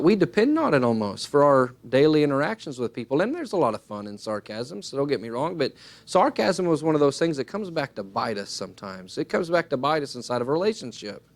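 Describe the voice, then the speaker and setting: Man, preacher, sermon, earnest, emphatic, fairly high voice. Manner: earnest, acts out little dialogues in his talk.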